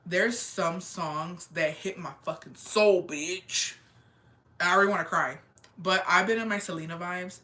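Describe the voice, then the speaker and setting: A young woman livestream host answers viewer comments in a casual chat, her voice lowish, bright, and forceful. She's candid, repeats phrases for emphasis, swears freely, and mixes Spanish phrases into her English.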